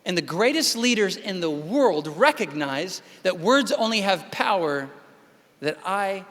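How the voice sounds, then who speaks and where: A man's voice: sits high, very animated, unhurried, fairly bright tone. A man giving an emphatic motivational keynote speech at a large convention, sometimes acting out voices in dialogue. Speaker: keynote speaker. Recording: reverberant hall sound.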